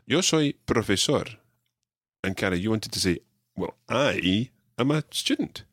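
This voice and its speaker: A man teaching a podcast language lesson, drilling his learner with clear repeated phrases. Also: lowish voice, expressive, a little slow, fairly bright tone, no room sound, clean studio sound.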